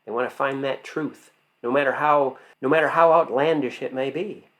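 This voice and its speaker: A man's voice: medium pitch, moderate pace, a bit bright. A man teaching as an acting coach, emphatic, asking rhetorical questions and answering them himself. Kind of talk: instructional talk to camera.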